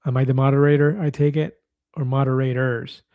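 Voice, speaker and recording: Casting note: talkative livestream host in his fifties, mellow voice, dry close sound. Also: mid-range voice, flat delivery, brisk, no echo. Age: 50s. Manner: chatty, reads viewer comments aloud, laughs easily. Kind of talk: casual livestream chat.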